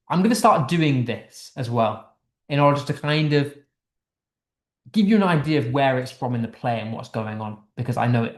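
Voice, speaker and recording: A man's voice: medium pitch, a little mellow, roomy sound. A man teaching English literature in a casual online lesson, explaining a text line by line in a chatty way with restarts, from the United Kingdom.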